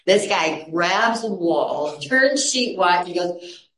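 Middle-aged woman w/ a low voice, chatty and laughing a lot, sounds kinda roomy and echoey. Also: slow. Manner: animated, laughs often, acts out quoted voices. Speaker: storyteller sharing a testimony. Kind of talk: casual storytelling with a Christian message. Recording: echoey room.

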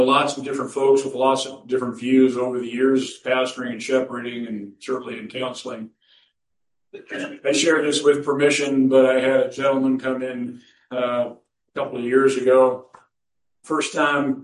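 A man preaching a sermon as pastor, folksy and storytelling, who chuckles at his own anecdotes. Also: mid-range voice. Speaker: pastor and counselor. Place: church sanctuary. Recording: roomy church recording from a distance.

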